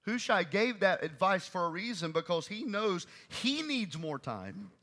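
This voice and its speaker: A male preacher delivering an emphatic sermon, repeating key phrases and swinging between loud and soft. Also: sits high, very animated, measured pace.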